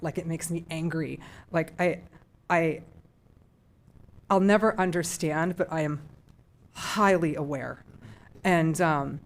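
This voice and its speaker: A middle-aged woman serving on a school board, speaking heartfelt and emotional at a public meeting, with restarts and trailing phrases. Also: low-pitched.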